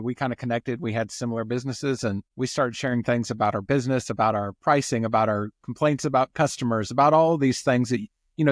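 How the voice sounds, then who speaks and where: A man's voice: medium pitch, no room sound, clean studio sound. Nasal man with a country twang. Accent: American country twang. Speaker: guest, community founder. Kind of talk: casual interview talk.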